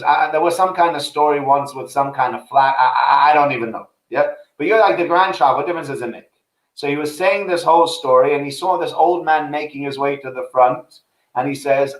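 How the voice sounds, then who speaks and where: A man's voice: medium pitch, echoey room, rough recording. A man hosting a casual chat about faith, telling anecdotes and acting out the people in them. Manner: chatty storyteller, acts out quoted voices.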